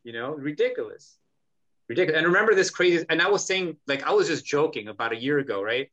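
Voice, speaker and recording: A man with a bright, forceful voice pitched a little high, hosting a podcast and ranting with heavy swearing. The sound is dull and lo-fi. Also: expressive, fast. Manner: profane, ranting, emphatic. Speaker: podcast host. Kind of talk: heated casual podcast talk.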